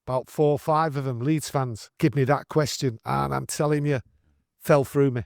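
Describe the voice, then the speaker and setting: A man in his sixties with a Manchester accent, telling his story in an earnest, animated way with broad northern dialect. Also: mid-range voice, normal speed, vocal fry, no room sound, clean studio sound. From England. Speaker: guest storyteller. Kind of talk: casual storytelling interview.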